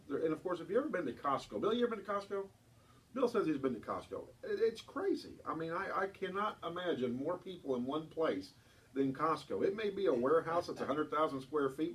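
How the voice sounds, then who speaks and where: Male radio co-host, animated and chatty, higher voice, slightly off-mic. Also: recorded from a distance. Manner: animated, reads listener emails with laughing asides. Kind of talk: casual radio chat.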